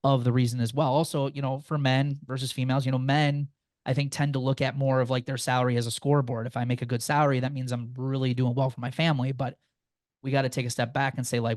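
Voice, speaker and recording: Man, podcast guest, finance advice, mid pitch, earnest and encouraging, dry sound. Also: little pitch movement, fast talker, darkish tone, no echo. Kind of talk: conversational interview.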